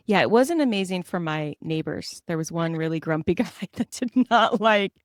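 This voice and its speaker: A woman's voice: fairly low pitch, normal speed, no room sound. Chatty storytelling woman, dry sound. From Southern California. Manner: lively, self-deprecating, laughs often while telling stories. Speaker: guest author. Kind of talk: casual conversational storytelling.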